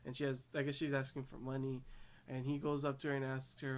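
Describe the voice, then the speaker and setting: A man's voice: medium pitch, completely flat delivery, fairly quick. Rambling man gushing over an anime. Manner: rambling, many fillers and restarts; gushing about cute scenes. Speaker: anime reviewer. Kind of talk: casual episode recap.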